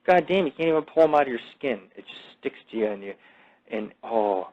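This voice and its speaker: A man hosting a podcast, telling crude stories in a boastful, profane, rambling way full of fillers. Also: mid-range voice. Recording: dull lo-fi audio.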